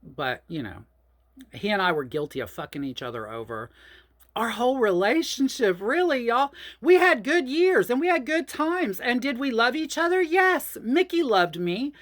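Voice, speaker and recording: A woman, telling a personal story in a chatty, profane, animated way. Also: fairly high pitch, moderate pace. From New Orleans, USA. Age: 50s. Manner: animated, profane, chatty, addresses listeners as y'all. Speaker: host.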